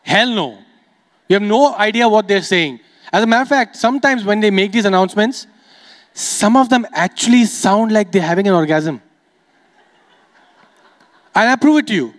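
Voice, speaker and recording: A man's voice: high voice, animated, quick pace, big-room sound. A man from the Emirates doing stand-up comedy on stage, chatty and teasing, working the crowd. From United Arab Emirates. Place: comedy stage before a live audience.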